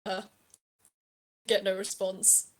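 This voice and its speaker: A woman game master narrating a tabletop scene from home. Her delivery is halting, full of pauses and restarts. She speaks at an ordinary, middle pitch. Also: flat delivery.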